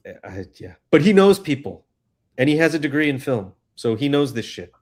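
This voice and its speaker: A man hosts a casual livestream, reading and greeting viewers in chat, joking loosely and swearing often. His mid-range voice is brisk and very animated.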